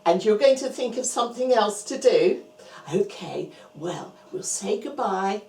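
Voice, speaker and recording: A woman telling a Bible story to young children, dropping to hushed whispers and rising to bright exclamations. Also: medium pitch, expressive, unhurried, echoey room.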